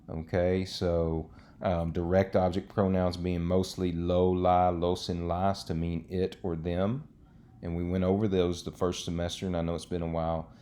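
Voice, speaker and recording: A man's voice: sits low, warm tone. A man teaching a recorded Spanish lesson, explaining step by step in a patient way with frequent checks like "okay".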